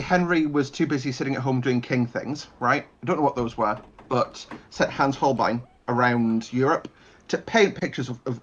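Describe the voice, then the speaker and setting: A man's voice: medium pitch, a bit bright, dull audio, a little hiss or hum. A man telling rambling history anecdotes in casual chat, full of restarts and fillers.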